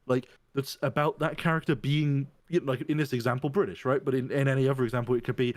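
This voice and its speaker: A man's voice: mid-range voice, steady tone, fast talker, no room sound. A man in casual podcast chat, thinking aloud and rambling through restarts as he argues his point.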